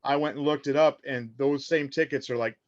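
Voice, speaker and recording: A man's voice: mid-range voice, brisk, dry recording. A middle-aged man from Indiana, a guest on a fan podcast. He chats casually and tells long stories, slipping into the voices of the people in them. His voice sounds close and dry, with a slightly muffled, dull tone. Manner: animated storyteller, acts out quotes. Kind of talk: casual chat.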